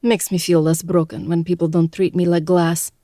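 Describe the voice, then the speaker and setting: A man's voice: a little high, level tone, moderate pace, dark tone, dry recording, clean studio sound, pitched above the performer's own voice, natural voice. A man voicing a guarded young Russian woman with a heavy Russian accent, speaking bluntly in an audiobook reading. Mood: wry.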